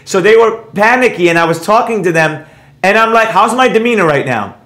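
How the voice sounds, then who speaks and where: A high-voiced middle-aged man talks straight to his viewers in a brash, lecturing way, repeating himself for emphasis. He shifts into reading chat names and answering them off the cuff. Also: brisk. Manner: animated, repeats points for emphasis. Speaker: trading educator and channel host. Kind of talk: casual monologue to viewers, reading live chat.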